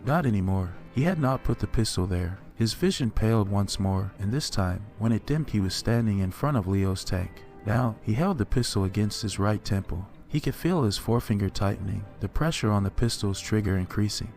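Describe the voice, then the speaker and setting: A man narrating a horror story in a measured, dark storytelling manner. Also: fairly low pitch, lively intonation, soft background music.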